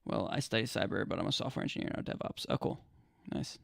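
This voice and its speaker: A man's voice: low-pitched, fast talker, gravelly, no room sound, clean studio sound. A young American man chatting casually with viewers on his live stream, laid-back and rambling, with lots of fillers and restarts. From United States. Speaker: livestreamer.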